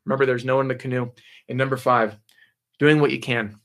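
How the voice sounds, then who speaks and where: A man coaching salespeople in a live motivational talk at a mid-range pitch. He keeps it loose and upbeat, stumbling and restarting his sentences as he goes. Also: fairly even intonation, fast talker. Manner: casual and upbeat, many fillers and restarts. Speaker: sales trainer hosting a live stream.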